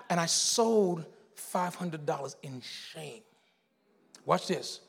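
A man, preaching a sermon as pastor, telling a story in hushed tones and building to shouted exhortation. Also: a little high, takes it slowly, gravelly, long reverb tail, noisy background.

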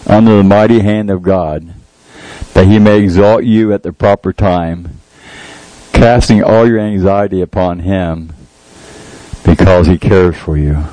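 A man's voice: low voice, fairly even intonation, unhurried, warm tone, dry recording, rough recording. A man giving an informal, folksy sermon, joking about himself and reading scripture aloud. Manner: folksy, jokey, laughs at himself, quotes scripture. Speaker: lay preacher.

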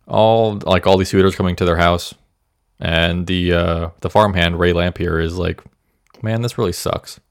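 A man's voice: sits low, little pitch movement, moderate pace, clean tone, no room sound, studio quality. A man co-hosting a podcast, casually recounting a true-crime story and often stumbling over his words with self-deprecating asides. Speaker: podcast co-host. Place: Indiana.

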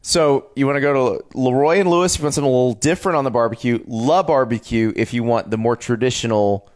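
A man's voice: mid-range voice, fast. A man in his forties co-hosting a podcast, chatting casually and telling food stories with enthusiasm. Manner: enthusiastic storyteller, animated. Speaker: podcast co-host. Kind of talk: casual chat about food and travel.

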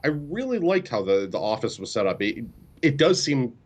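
A man's voice: mid-range voice, big pitch swings, normal speed, husky. A man co-hosting a podcast, explaining technical details in an easygoing, casual way. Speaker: podcast co-host.

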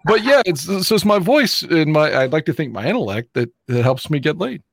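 A man's voice: on the high side, big pitch swings, brisk, vocal fry. A man in casual chat, crude and wisecracking.

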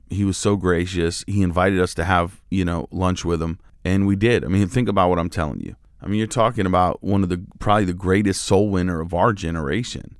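Low-voiced pastor preaching casually. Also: male voice, smooth, dry recording, clean studio sound. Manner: casual, conversational preaching with filler words. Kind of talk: devotional sermon.

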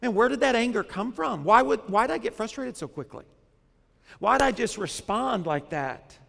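A man's voice: extremely high pitch, lively intonation, moderate pace, creaky, fairly bright tone, long reverb tail. A man, a pastor, preaching a sermon in a conversational way, often putting questions to the congregation.

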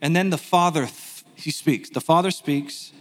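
A man teaching a sermon in a conversational, animated way, with self-deprecating asides. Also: on the high side, normal speed, long reverb tail, slight background noise. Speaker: pastor.

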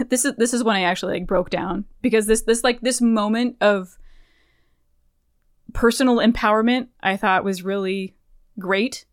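A woman in her thirties co-hosting a podcast, recapping a game in animated, profane storytelling. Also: medium pitch, smooth, no echo, studio quality. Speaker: podcast co-host. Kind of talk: casual game recap chat.

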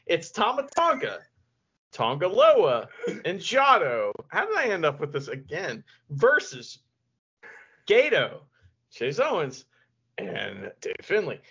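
A man co-hosts a wrestling podcast, talking in a bright, tense voice that jumps all over its range. He laughs easily and throws in mock-serious asides. The recording is muffled and lo-fi. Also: fairly high pitch, wildly swooping pitch, takes it slowly, breathy edge. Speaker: podcast co-host. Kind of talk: casual chat reviewing wrestling. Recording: dull lo-fi podcast audio.

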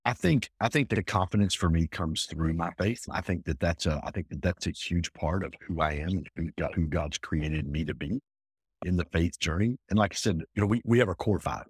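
Husky, emphatic man. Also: low-pitched, a little fast, no room sound, clean studio sound. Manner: energetic, emphatic, repeats himself. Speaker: entrepreneur guest. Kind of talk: casual interview talk.

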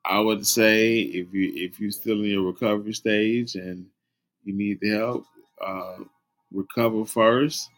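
A man co-hosting a casual talk show, giving advice earnestly in halting sentences with many restarts. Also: on the low side, steady tone. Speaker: podcast co-host.

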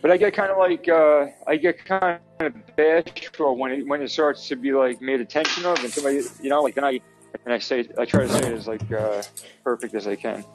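A man's voice: mid-range voice, fairly even intonation, a little fast, faint music behind, low-quality recording. A man with a New Jersey accent chatting casually on a podcast, rambling and full of fillers. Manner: rambling, filler-heavy, easygoing. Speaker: podcast host. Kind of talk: casual chat.

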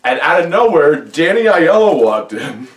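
A middle-aged man in casual film chat, animated and profane, acting out scenes and telling a story. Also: fairly high pitch, moderate pace. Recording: roomy echo, somewhat far from mic.

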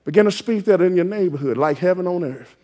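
Male preacher, high voice, fervent exhorting sermon delivery with loud peaks. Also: expressive, fast talker. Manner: exhorting, call-and-response rising to shouted emphasis.

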